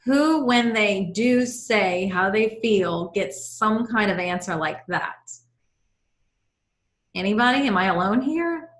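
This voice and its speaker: A middle-aged woman leads a live online coaching class. She guides her listeners through breathing and tells stories from her own life in an earnest, encouraging way. Her voice sits at an ordinary middle pitch, and the video-call audio carries a roomy echo. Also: animated, takes it slowly.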